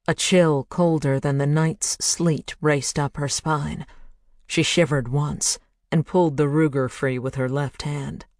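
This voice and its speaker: A narrator reads a thriller at an unhurried pace, measured and hushed. The recording is close and dry, with no room sound. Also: medium pitch, fairly even intonation, no room sound. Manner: measured, hushed, building to intense. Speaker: audiobook narrator.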